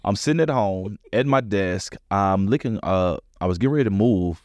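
In a laid-back interview, a male comedian guest speaks at a normal pace in a lowish voice, bringing his stories to life by acting out others' words. The sound is lo-fi with no room sound.

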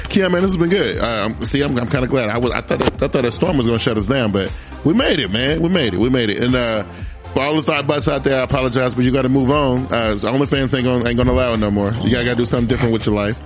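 A man's voice: mid-range voice, racing, music in the background. A man co-hosting a casual podcast, joking and laughing a lot, often repeating words as he talks. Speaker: podcast co-host. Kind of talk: casual banter.

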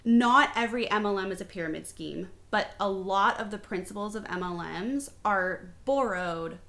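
Bright-voiced Canadian woman explaining. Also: medium pitch, vocal fry. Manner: measured explainer with fillers and restarts. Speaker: guest. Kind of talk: conversational podcast explaining.

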